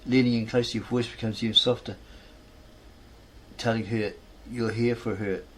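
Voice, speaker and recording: A man narrates a fan story in a rambling way, often stopping to restate his words. His pitch stays flat and his voice sits around the middle for a man. A faint hiss runs underneath. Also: moderate pace. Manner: rambling, self-correcting. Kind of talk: reading a fan story aloud.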